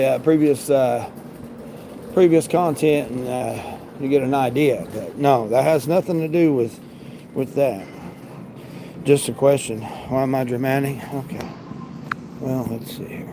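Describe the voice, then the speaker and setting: A man livestreams while picking a shopping order in a large store, chatting casually with his audience, joking and mildly exasperated. His mid-range voice is creaky, and the background is noisy.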